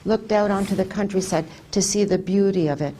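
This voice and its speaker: An older woman telling a personal faith testimony, retelling it animatedly with lively quoted speech. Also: medium pitch, a little fast, background noise. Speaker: testimony speaker.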